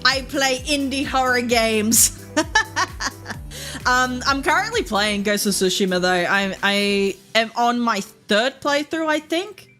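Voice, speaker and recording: A woman's voice: a little high, lively intonation, slow, pushed and bright, faint music behind. Giggly Australian woman streamer, rambling chat. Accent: Australian, Queensland. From Queensland, Australia. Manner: rambling, giggly, lots of fillers. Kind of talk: casual live-stream chat.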